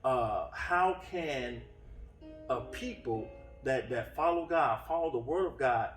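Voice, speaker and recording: A man's voice: medium pitch, animated, takes it slowly. A man preaching a sermon in an earnest way, often restarting his phrases, heard from some distance in a roomy space with faint music behind. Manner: earnest, with frequent restarts and fillers. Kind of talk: sermon teaching. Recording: roomy echo from off-mic.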